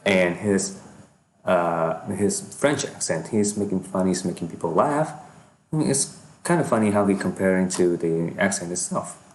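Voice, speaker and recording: A man with a very deep voice comments on a comedy clip he is watching. He speaks hesitantly, restarting and repeating his words. A faint noise sits behind him. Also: darkish tone. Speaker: video reactor. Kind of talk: reaction commentary.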